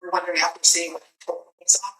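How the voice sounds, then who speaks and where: A woman interviewer in a recorded police interview, speaking in a steady, reassuring way and explaining at length. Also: fairly low pitch, very fast. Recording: roomy, distant from the mic, faint background hum.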